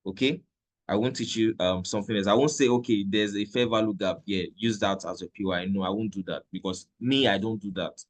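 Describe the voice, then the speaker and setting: Man teaching trading. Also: on the low side. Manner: conversational, repeats points, checks in with "okay?". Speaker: trading instructor. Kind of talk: live trading lesson.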